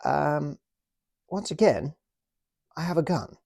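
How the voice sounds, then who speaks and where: Man doing a posh army officer, clipped and polite, higher voice, gravelly edge, toy-soldier skit. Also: big pitch swings, slow, a little mellow, no room sound, clean studio sound, full character voice. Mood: smug, polite. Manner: clipped upper-class politeness. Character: posh male British army officer, polite but firm.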